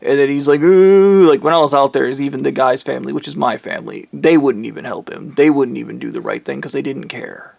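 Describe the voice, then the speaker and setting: A man's voice: medium pitch, steady tone, fast, gravelly, hardly any pauses, darkish tone, dry recording. A man ranting angrily and bitterly, swearing heavily as he tells a personal story. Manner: angry, bitter, heavy swearing. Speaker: vlogger. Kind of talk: profane personal rant.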